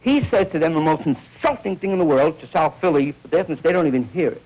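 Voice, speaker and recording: A man's voice: fairly high pitch, animated, quick pace, darkish tone, highs cut off. A man doing a rambling stand-up comedy monologue, telling stories and acting out bits of dialogue.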